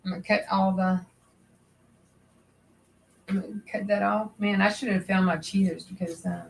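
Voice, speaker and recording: A woman's voice: mid-range voice, steady tone, normal speed, creaky, slight background noise, low-quality recording. A woman hosting a crafting livestream, chatting nervously and rambling as she thinks aloud. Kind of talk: casual livestream chat while sewing.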